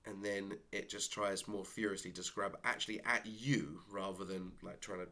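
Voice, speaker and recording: A man narrating as game master of a tabletop game, animated and laughing, adding sound effects. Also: deep voice, moderate pace.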